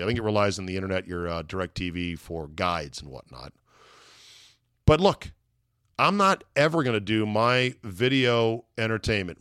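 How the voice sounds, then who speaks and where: A man's voice: mid-range voice, a bit bright, no room sound, studio quality. A man hosting his own podcast, telling an exasperated, profane story in a comic rant. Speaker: podcast host. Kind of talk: solo comedic rant.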